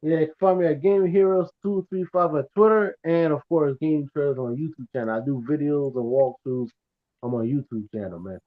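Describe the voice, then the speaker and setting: A man's voice: fairly high pitch, a little fast. A man joining a gaming stream as a guest, easygoing in casual chat. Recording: thin phone-like audio.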